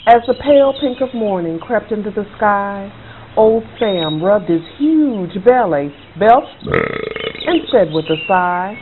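A woman author reading her own children's book aloud as a bedtime story, with an expressive, rhythmic delivery. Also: mid-range voice, takes it slowly, a little hiss or hum. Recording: tinny phone-like sound, faint music.

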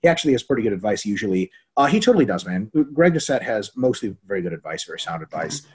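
A man co-hosting a fitness webinar in casual chat, animated and profane, acting out quoted people as he tells stories. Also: on the low side, fast talker, husky. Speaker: webinar co-host.

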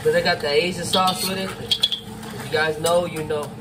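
A middle-aged man casually talking viewers through cooking crawfish outdoors, savoring the food with drawn-out mms. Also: on the high side, fairly even intonation, heavy background noise. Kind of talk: casual cooking vlog talk. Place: outdoors at a campsite.

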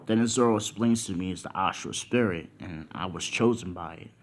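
A man's voice: sits low, fairly quick. A young man casually telling a fan-fiction story, rambling with lots of fillers. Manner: rambling, filler-heavy, self-inserting.

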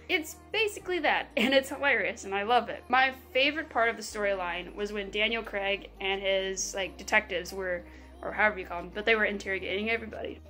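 A woman's voice: fairly high pitch, expressive, fairly quick, a bit bright, soft background music. A woman giving a casual, chatty movie review that she works through point by point. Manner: upbeat, chatty, lists points in order. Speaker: film reviewer.

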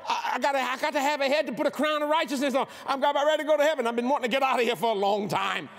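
Man putting on an eager old apostle, loud and fired up, voice up high. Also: very fast, creaky, heavily acted. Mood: fervent. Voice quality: loud, fervent.

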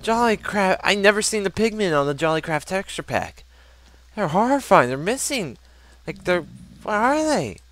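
Brief: young male let's-player, lively up-and-down pitch, joking and chatty. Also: normal speed, slight background noise. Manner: animated, joking, reads game text aloud. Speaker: gameplay commentator. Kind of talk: casual let's play commentary.

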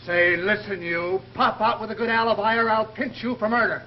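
A brash, wisecracking police inspector barks his orders in a fairly high voice with quick 1930s tough-guy banter. The sound is a dull, hissy old film soundtrack. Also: steady tone. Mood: brusque. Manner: brusque, fast-talking tough-guy banter.

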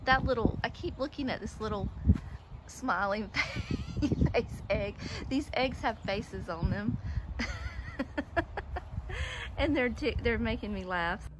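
A woman's voice: fairly high pitch, normal speed, very noisy. A woman chatting casually in a home vlog, sentimental and rambling, often trailing off and starting over. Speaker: home vlogger. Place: at home, indoors and out in the yard.

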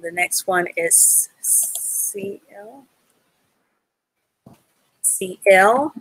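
A woman's voice: fairly low pitch, extremely slow, slightly rough, dry recording. A woman teaching an adult reading class live online, patiently sounding out letters and words and praising learners from the chat.

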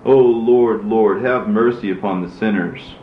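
A man's voice: on the low side, fairly even intonation, a little slow, slight background noise, lightly acted. A man reading as a grieving, pleading prophet. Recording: roomy, dull lo-fi recording.

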